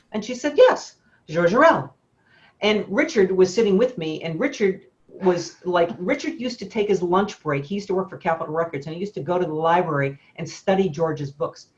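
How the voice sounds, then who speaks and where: A studio owner and photographer tells a long anecdote on a webinar, rambling casually with lots of fillers and laughter. She has a mid-range voice, and the audio sounds dull.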